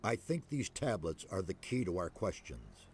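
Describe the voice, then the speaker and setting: An actor playing an elderly mage leader in a game, speaking in a solemn, measured, formal way. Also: male voice, deep voice, wildly swooping pitch, faint music behind. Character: elderly male mage leader, grave and fatherly. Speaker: game character.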